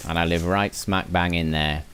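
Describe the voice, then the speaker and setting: A middle-aged man with a northern English accent, its edges softened into a mixed blend, talks through a game as he plays. His voice sits deep and low, and he muses aloud, answering viewers between moves. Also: fairly even intonation, normal speed, a little hiss or hum. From Lancashire, England. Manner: musing aloud, chatting with viewers while playing. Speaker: gaming streamer. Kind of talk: live gameplay commentary.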